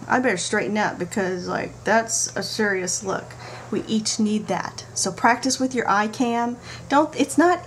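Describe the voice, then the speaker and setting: A middle-aged woman talking to camera about parenting, telling stories in an animated way with playful asides. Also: fairly high pitch. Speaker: parenting vlogger. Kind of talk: casual talk to camera. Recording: faint background noise.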